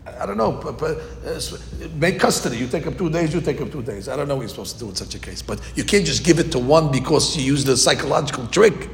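A man giving an informal Torah class, telling the story lively acted-out voices. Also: medium pitch, fast talker, vocal fry, hardly any pauses. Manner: animated storytelling, acting out quoted voices. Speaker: Torah teacher. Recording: echoey hall with faint noise.

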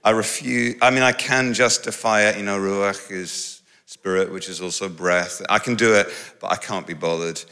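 A middle-aged man preaching a sermon in a lively, conversational way with humorous asides. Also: on the low side, moderate pace. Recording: long reverb of a large hall.

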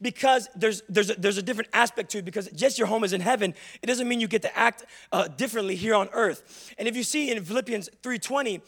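A young man preaching in church at a quick clip, his voice sitting high and catching into a gravelly fry at the ends of phrases. He mixes humor and self-deprecating confessions into the sermon, speaking like someone telling stories to friends. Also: a bit bright. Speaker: pastor.

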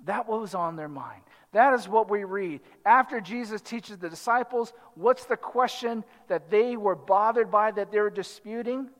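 A pastor gives a conversational sermon in a large hall, speaking at a moderate pace with few pauses. His voice is high-pitched, and he frequently checks in with the congregation by asking "right?"

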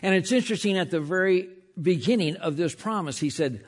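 A man preaching a sermon as pastor, emphatic, often slowing and dropping to a hush on key lines, with frequent repeated words as he restarts. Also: high-pitched, animated.

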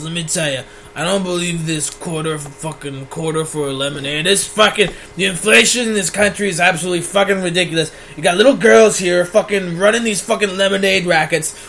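A swearing, grumbling old geezer rants about the old days and modern prices, as a man puts him on. His voice sits high and bright, and he rambles on with one complaint after another. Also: normal speed, creaky, a little hiss or hum, heavily acted. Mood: grumpy.

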